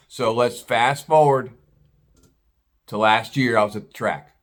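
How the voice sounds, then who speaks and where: A middle-aged American vlogger rambles through a personal story in casual talk, blunt and swearing freely. His mid-range voice moves a little slowly, with long pauses.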